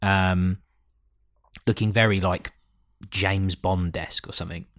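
A man's voice: sits low, steady tone, measured pace, fairly bright tone. A man co-hosting a podcast, rambling and joking as he recaps a show, swearing freely. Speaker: podcast co-host. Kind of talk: casual chat.

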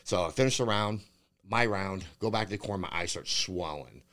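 Brief: young male fighter guest, low voice, casual and profane, loose rambling delivery full of "you know" fillers. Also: a little fast, fairly bright tone. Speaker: bare-knuckle fighter guest. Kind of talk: casual podcast interview.

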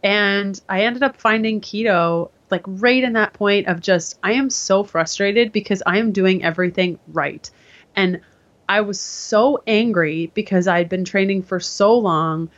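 A woman guest in an interview, telling her story in a casual, animated way and acting out what others said to her. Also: medium pitch, a little slow. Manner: animated, acts out quoted voices. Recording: dull lo-fi sound.

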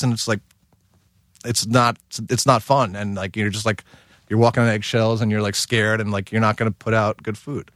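A man's voice: on the low side, fairly even intonation, fairly quick, a bit bright, no room sound, clean studio sound. A man, a guest chef, talking in a casual podcast conversation, rambling with many fillers.

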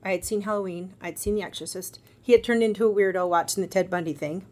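A middle-aged woman, a guest on a podcast, telling a personal story in a casual, animated way and acting out the other people's lines. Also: medium pitch, fast talker. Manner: animated, acts out quoted voices.

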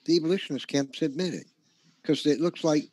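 A man's voice: a little high, a little fast, darkish tone, no echo. Earnest man giving a slideshow talk. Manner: earnest, insistent, stumbling over words. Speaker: presenter. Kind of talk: slideshow lecture.

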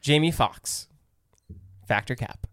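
A man's voice: mid-range voice, slow, fairly bright tone, clear, resonant tone, no room sound, studio quality. A young man co-hosting a casual podcast, playful and teasing, laughing often, reading sponsor ads. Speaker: podcast co-host.

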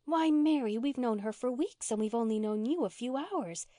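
Woman doing a soft, gentle minister's daughter. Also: medium pitch, brisk, no room sound, clean studio sound, lightly acted. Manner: soft, tender and pleading.

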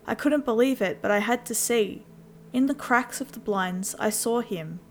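A woman narrating a first-person horror story in a steady storytelling voice. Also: on the high side, moderate pace, slight background noise. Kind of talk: scripted scary story narration.

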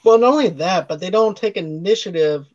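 A man's voice: high voice, expressive, fairly quick, darkish tone, no room sound. Man recapping a plot, dull lo-fi mic. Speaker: podcast co-host. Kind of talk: casual movie review chat. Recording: dry, dull lo-fi sound.

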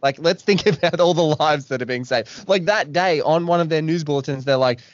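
A man's voice: on the high side, animated, brisk, few pauses, no echo. Australian male podcast host, frustrated and sweary, recorded dry and a bit dull. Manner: exasperated ranting with swearing. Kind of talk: casual podcast chat.

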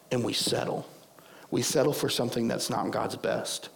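A hoarse man preaching a sermon as pastor, conversational and prone to digressing. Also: mid-range voice, steady tone, moderate pace, a little hiss or hum. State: hoarse, losing his voice.

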